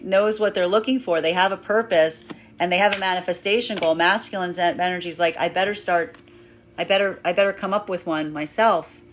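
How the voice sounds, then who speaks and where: This woman reads tarot in a rather low voice. She circles back over the same phrases again and again, restarting her sentences as she goes. Now and then she breaks into a playful acted aside. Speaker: tarot reader. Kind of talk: spiritual tarot reading monologue.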